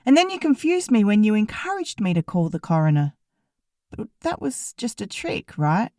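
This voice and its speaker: A woman's voice: medium pitch, big pitch swings, normal speed, warm tone, no echo, clean studio sound, voice pushed up, lightly acted. A woman voicing a blunt, sassy young woman. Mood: pressing. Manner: pointed, probing questions.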